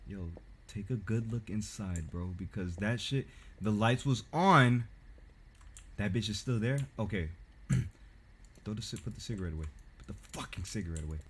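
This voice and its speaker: A man's voice: fairly low pitch, lively intonation, moderate pace, a bit bright, a little hiss or hum. A young man streaming a horror game, giving a profane, jumpy, joking running commentary. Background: game music.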